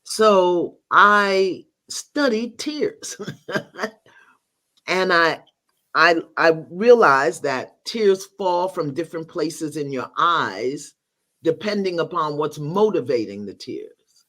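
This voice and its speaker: A woman's voice: fairly low pitch, expressive, slow pace, a bit bright. An older woman, a guest teacher in a spiritual conversation, telling stories expressively, acting out bits of dialogue and laughing often.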